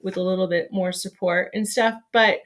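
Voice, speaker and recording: A woman's voice: medium pitch, fairly even intonation, normal speed. A woman hosting a livestream show, chatting casually in a rambling, upbeat, encouraging way. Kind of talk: casual chat.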